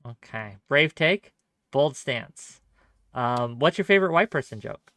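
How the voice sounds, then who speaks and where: Host running a panel, bright voice, very lively, dry close sound. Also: medium pitch, measured pace, dry recording. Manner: teasing, quizzing guests. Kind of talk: moderating a discussion panel.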